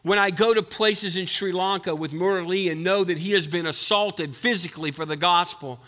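A man's voice: sits high, moderate pace, pushed and bright, long reverb tail. A man preaching a sermon as pastor, emphatic and building to strong points, calling on his church to answer him aloud.

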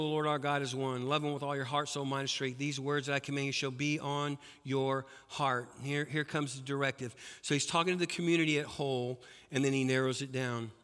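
A man preaching a sermon as a pastor, swinging between loud emphatic peaks and soft, low passages. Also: big-room sound.

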